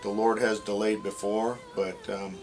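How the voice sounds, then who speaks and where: A man retelling a dream to the camera in a halting, rambling, earnest way. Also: fairly low pitch, level tone, over music. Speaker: religious video blogger.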